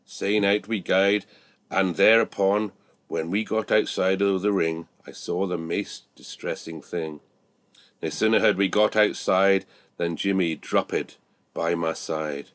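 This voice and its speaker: A Scottish man reciting a long rhyming dialect poem in a measured, rhythmic way. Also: sits low, steady tone, fairly bright tone, dry recording.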